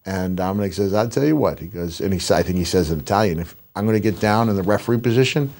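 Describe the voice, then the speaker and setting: Middle-aged male podcast host, low voice, animated rambling storyteller. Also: fast. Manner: animated, rambling anecdotes with restarts. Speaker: podcast host, retired wrestler. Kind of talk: storytelling in casual chat.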